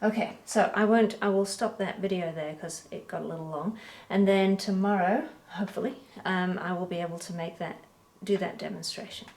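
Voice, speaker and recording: A woman giving a relaxed, chatty painting critique as an art teacher, correcting herself as she goes. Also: fairly low pitch, normal speed, few pauses. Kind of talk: painting critique, talking while pointing. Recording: echoey room.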